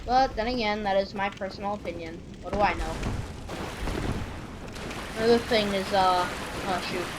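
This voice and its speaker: A woman's voice: medium pitch, moderate pace, noisy background. Rambling joking gamer woman. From Michigan. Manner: rambling, joking, laughs often. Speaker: gaming channel host. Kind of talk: casual let's-play commentary.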